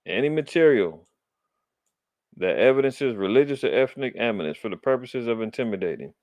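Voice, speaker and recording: A man's voice: mid-range voice, animated, brisk, darkish tone, no echo. A middle-aged man from Los Angeles hosting a religious commentary show, indignant and preacherly as he comments on the news and reads scripture with emphasis.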